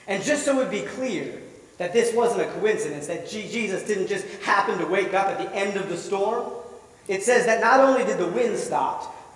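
High-voiced preacher echoing in a hall. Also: male voice. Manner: vivid storytelling with rhetorical questions. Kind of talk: sermon. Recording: echoey hall, voice from far off.

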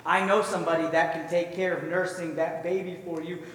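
An eager little girl pleading and calling insistently, as a preacher puts her on, pitched up high above his own voice. The sound rings through a big echoey hall, caught from well back from the mic. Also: level tone, a little fast, a bit bright, distant mic, lightly acted. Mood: nervous, polite.

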